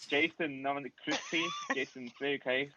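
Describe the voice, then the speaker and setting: A man running an online social deduction game as storyteller, making brisk procedural announcements. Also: mid-range voice, fairly even intonation, highs cut off, noisy background.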